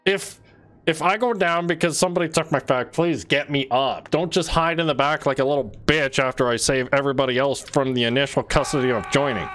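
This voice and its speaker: A man's voice: mid-range voice, brisk, fairly bright tone. A man streaming a game, ranting and swearing in exasperated, repetitive bursts. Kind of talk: frustrated gameplay commentary. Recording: faint music behind.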